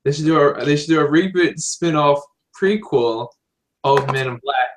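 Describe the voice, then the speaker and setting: A man co-hosting a film podcast, thinking out loud eagerly and changing his mind as he goes. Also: a little high, normal speed, low-quality recording. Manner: eager, thinks aloud, flips ideas. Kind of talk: casual chat.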